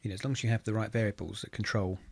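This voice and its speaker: A man's voice: fairly low pitch, racing, gravelly, slight background noise. A man casually talking through a technical walkthrough on his computer, thinking aloud as he works. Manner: relaxed, thinking aloud while typing. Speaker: automation engineer teaching a tech tutorial. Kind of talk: casual screen-recorded walkthrough.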